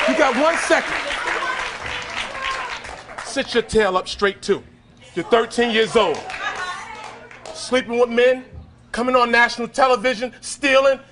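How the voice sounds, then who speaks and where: A man, a motivational speaker, sternly shouting and scolding a teenager on a talk show stage. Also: very high voice, noisy background. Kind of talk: confronting a teen on a talk show. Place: TV studio with audience.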